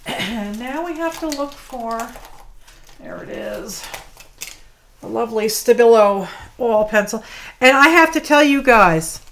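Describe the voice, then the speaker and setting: A woman talks through a craft project on a livestream in a relaxed, slow-paced way. She keeps up friendly chatter, greeting and thanking her viewers by name. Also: on the high side, a little hiss or hum. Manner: chatty, greets viewers by name, apologetic about mispronouncing names. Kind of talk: chatty live craft demonstration. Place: home craft studio.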